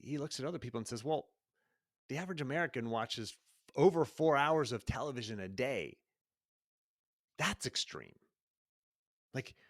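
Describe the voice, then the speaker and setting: A man's voice: lowish voice, a bit bright, dry recording, studio quality. A middle-aged man hosting his own podcast, talking energetically and conversationally, often tossing in rhetorical questions. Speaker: podcast host and coach. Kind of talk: solo podcast monologue.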